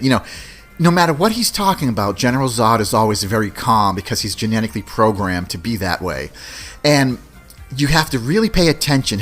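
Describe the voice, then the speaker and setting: A man in his forties with a medium-pitched, fairly bright voice hosts a solo podcast counting down movies. He talks loosely and casually, frequently throwing in "you know what I mean."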